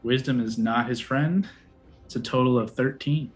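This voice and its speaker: A man's voice: mid-range voice, normal speed, crowd noise. A man running a tabletop role-playing game as game master, thinking aloud and joking as he goes.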